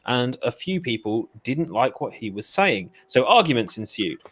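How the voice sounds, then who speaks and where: A man's voice: medium pitch, big pitch swings, normal speed, fairly bright tone. A British man co-hosting a casual podcast, reading out online comments in a stop-start way with frequent laughs. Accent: British English. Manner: giggly, stop-start reader. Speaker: podcast co-host.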